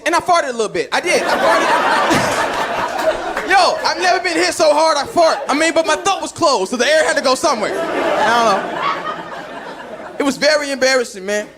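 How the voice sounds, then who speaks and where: A man doing stand-up, telling a story with animated shouts and mumbled character voices. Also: extremely high pitch. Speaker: stand-up comedian. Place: comedy club stage. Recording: live club mic with crowd laughter and noise.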